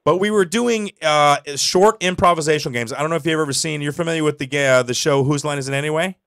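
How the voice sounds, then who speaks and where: Male host, quick rambling delivery, dry close studio sound. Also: fairly high pitch, a bit bright, dry recording. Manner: rambling, restarts a lot, laughs often. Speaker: show host. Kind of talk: casual radio show chat.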